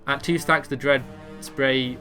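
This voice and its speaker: Guy reading raid notes out loud, kinda bright voice, faint music behind. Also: mid-range voice, steady tone, measured pace. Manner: offhand, stumbling over words, jokey asides. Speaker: gamer explaining a raid boss. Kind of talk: casual gameplay commentary, reading abilities aloud.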